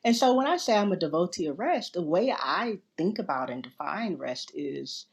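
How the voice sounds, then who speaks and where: A woman's voice: on the low side, moderate pace, creaky. A woman guest on an interview show, telling a personal story casually and animatedly. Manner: animated, acts out quoted voices. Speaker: interview guest, yoga teacher.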